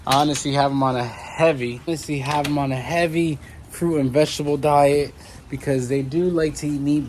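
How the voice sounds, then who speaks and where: A man's voice: fairly high pitch, a little hiss or hum. A man vlogging from a room of reptile tanks, talking casually into a handheld phone and often correcting himself as he rambles. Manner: rambling, chatty, self-correcting. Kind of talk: casual walkthrough vlog.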